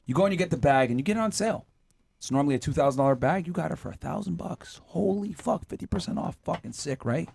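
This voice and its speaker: A man hosting a podcast panel talk, with a high voice that swings all over the place. He tells stories by acting out the people in them and swears freely. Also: expressive, very fast, creaky, a little mellow, a little hiss or hum. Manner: storytelling, acting out exasperated voices, profane. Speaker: podcast host.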